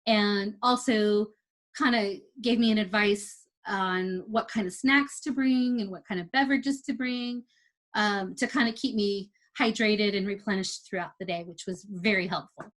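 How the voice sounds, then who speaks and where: A woman's voice: mid-range voice, a little slow. Chatty woman telling a story. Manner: chatty, animated retelling with quoted dialogue. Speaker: first-time amateur athlete. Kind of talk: casual storytelling.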